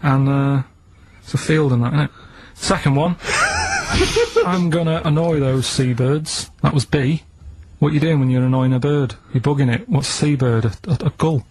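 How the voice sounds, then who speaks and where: A man on a radio show setting quiz clues in a slow, halting way, repeating his words. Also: on the high side, very animated, slight background noise. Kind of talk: casual radio banter. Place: radio studio.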